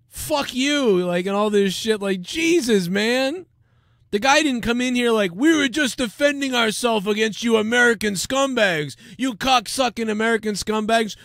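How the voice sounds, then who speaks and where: A man with a fairly high voice hosts a live stream, cursing and heated. The sound is close and dry, with almost no room behind it. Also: no room sound. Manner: swearing, heated, mocking. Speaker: live show host. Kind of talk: profane live-stream rant.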